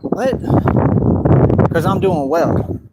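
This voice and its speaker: A man rants defiantly at his viewers, repeating himself and calling them out. His voice sits a little high for a man. Loud background noise runs under the whole recording. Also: expressive, very slow. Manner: defiant, repetitive, addresses viewers as y'all. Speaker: vlogger. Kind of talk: direct-to-camera rant.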